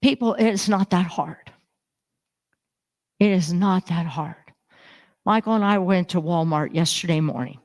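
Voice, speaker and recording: A woman's voice: lowish voice, unhurried, long pauses. A woman minister preaching a sermon, telling stories animatedly and acting out the voices of the people in them. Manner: animated storytelling, acts out voices. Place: church sanctuary.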